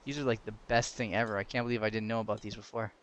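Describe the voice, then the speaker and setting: A young man giving casual gameplay commentary, excitable, laughing and yelping when danger comes, chatting to the game's creatures. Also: lowish voice, very fast, a little hiss or hum. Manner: excitable, yelps and laughs at danger, talks to game mobs. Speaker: gaming commentator.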